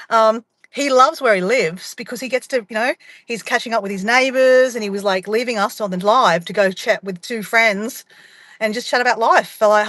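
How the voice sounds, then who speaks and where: A woman's voice: medium pitch, a bit bright, dry recording. An Australian woman chatting to camera from inside her car, rambling and calling her viewers guys. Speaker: vlogger. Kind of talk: casual chat to camera.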